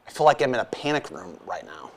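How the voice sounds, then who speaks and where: A man's voice: low voice, very animated, quick pace, vocal fry. A man, co-hosting a casual podcast, rambling and joking and repeating himself as he talks. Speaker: podcast co-host.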